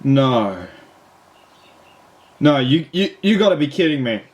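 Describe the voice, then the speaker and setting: A man's voice: medium pitch, very animated, slow, soft background music. Ranting Australian man mocking a film. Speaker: film reviewer. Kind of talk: comedic movie review commentary.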